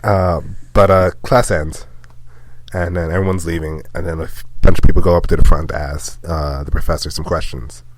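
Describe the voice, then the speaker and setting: A man's voice: low voice, fairly even intonation, moderate pace, noisy background. A young man on a casual podcast, telling a rambling story with frequent laughs and acted-out quotes. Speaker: podcast co-host.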